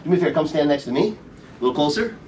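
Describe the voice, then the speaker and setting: A middle-aged stage magician full of playful patter, his voice rising and falling in a lively, animated way as he jokes with volunteers. He sounds a little higher than most men. He is caught from a distance by a camera in the audience, with faint room noise underneath. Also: racing. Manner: playful, teasing audience banter. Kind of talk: live comedy magic show patter. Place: theater show room, recorded from the audience. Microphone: audience member's camera from the front row.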